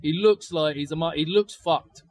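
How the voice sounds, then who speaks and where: A man tells a story on location for his podcast. He talks in a rather high voice, animated and sweary, and bursts into the shouts of the people in his story. It sounds like casual podcast talk recorded outdoors. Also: normal speed. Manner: animated, swears a lot, acts out shouted quotes. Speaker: podcast co-host.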